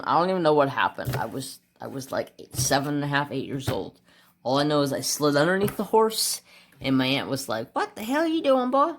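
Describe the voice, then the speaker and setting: A man hosting a craft channel, telling a rambling childhood story in a casual way while he colors, muttering to himself over which color to pick and getting animated at the exciting parts. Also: high-pitched. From United States.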